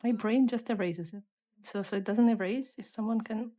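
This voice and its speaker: A woman with a mixed non-native English accent, chatting casually with viewers on a live stream and slipping into soft whispered asides. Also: on the high side, normal speed. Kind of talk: casual live-stream chat while coloring.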